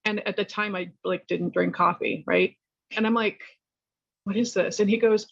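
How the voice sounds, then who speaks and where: A middle-aged woman from California sharing her personal recovery story at a meeting, candid and rambling, lively when she tells a story. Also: mid-range voice, normal speed, gravelly, no room sound, muffled recording. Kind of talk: personal testimony talk.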